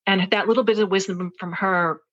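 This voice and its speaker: A woman guest on an interview show tells a personal story in an earnest, searching way. She thinks out loud and often stops to restart a sentence. Her voice sits at a middle pitch, and the recording sounds muffled and lo-fi. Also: fairly even intonation, brisk. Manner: earnest, thinks aloud with many fillers and restarts. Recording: dull, lo-fi interview audio.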